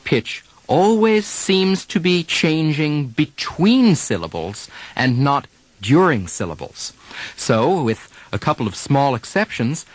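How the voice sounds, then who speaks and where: A man teaching accent drills on a taped lesson, modeling example sentences slowly and deliberately. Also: medium pitch, dry recording. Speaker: dialect coach.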